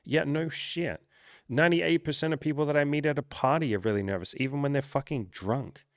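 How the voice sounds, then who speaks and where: A man's voice: fairly high pitch, fairly quick, no room sound, studio quality. A man talking as a dating coach in casual, unscripted chat, blunt, swearing freely and poking fun at himself.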